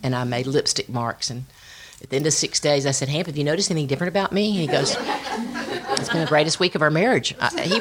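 A middle-aged woman giving a personal testimony talk, telling stories with quoted dialogue and bits of sung scripture. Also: low voice. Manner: storytelling, animated with quoted dialogue and sung lines. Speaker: women's ministry speaker.

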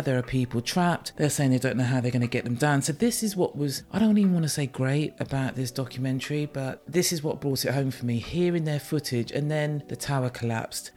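A woman's voice: low voice, a little mellow. Frank, emotional woman podcaster. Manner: frank, emotional, swears freely. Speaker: podcast host. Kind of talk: solo podcast monologue.

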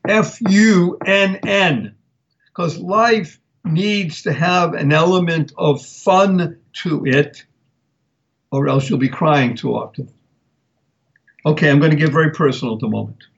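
An older man hosting a live talk radio show, speaking slowly and deliberately and spelling words out for emphasis. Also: on the high side, gravelly, highs cut off.

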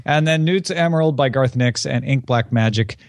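A middle-aged man co-hosting a book podcast, joking around and laughing easily. His pitch is middle of the road. The sound is close and dry, with no roominess. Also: moderate pace, no room sound. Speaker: podcast co-host. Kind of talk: casual chat.

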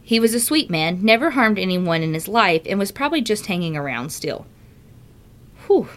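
A woman's voice: medium pitch, sing-song, normal speed. A woman co-hosting a podcast, reading a listener email aloud and reacting expressively with gasps and swearing. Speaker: podcast co-host.

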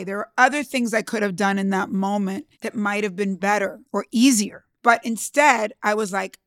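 A woman's voice: medium pitch, fairly bright tone, no echo, clean studio sound. A woman telling her own business story in an earnest, emphatic, conversational way. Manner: emphatic, earnest, conversational with quoted inner thoughts. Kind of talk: personal storytelling talk.

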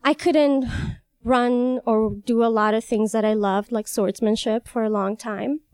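A woman's voice: on the high side, fairly even intonation, unhurried, a little mellow, clear, resonant tone, no room sound. A young woman tells a personal story, candid and wry, often laughing between lines. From Iran. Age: young adult.

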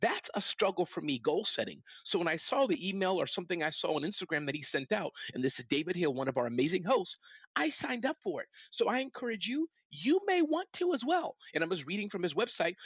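A middle-aged man hosting a live business talk, energetic and folksy, speaking straight to his listeners. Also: a little high, slightly rough, no echo, lo-fi sound. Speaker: host.

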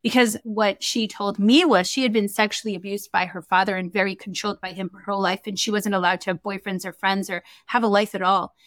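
A woman's voice: mid-range voice, a little fast, few pauses, dry recording. A young adult woman, a guest in a casual interview, telling a story and acting out the quoted dialogue. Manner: animated, acts out quoted dialogue. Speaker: guest, Akashic record reader.

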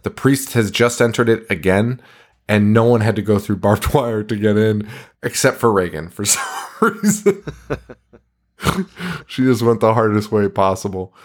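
A man's voice: fairly low pitch, normal speed. A man casually retelling a movie's plot on a podcast, swearing and laughing as he goes. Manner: animated, swearing, laughing while retelling scenes. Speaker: podcast co-host. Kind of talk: casual movie recap chat.

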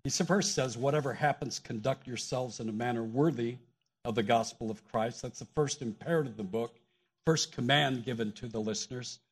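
A man preaching in a church, calmly explaining a Bible passage. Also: medium pitch, normal speed, slightly rough. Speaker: guest preacher. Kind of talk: shared sermon, scripture teaching.

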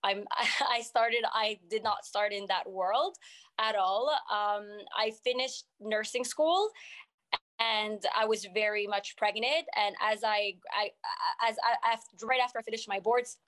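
Chatty young woman with halting restarts. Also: medium pitch, steady tone, a bit bright. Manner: halting, many restarts and fillers. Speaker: nurse turned online jewelry seller. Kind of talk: casual interview chat.

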